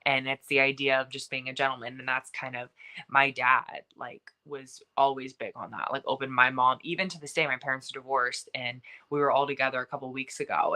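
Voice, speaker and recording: A young woman speaking as a podcast guest in casual conversation, talkative and lively, with many fillers and asides. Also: a bass voice, fairly quick.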